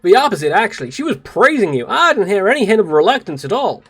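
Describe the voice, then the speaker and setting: A streamer voicing an earnest young woman naval officer from a game, high and eager. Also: very animated, fast, a bit bright, slightly rough, full character voice. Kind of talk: reading game dialogue aloud on a livestream.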